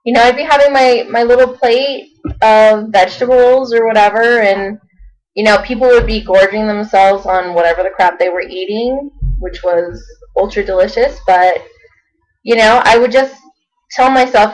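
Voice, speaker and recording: A woman's voice: fairly high pitch, normal speed, rough recording. A young woman talking casually into her camera in a rambling video diary, full of fillers. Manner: chatty, rambling, many fillers. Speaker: vlogger.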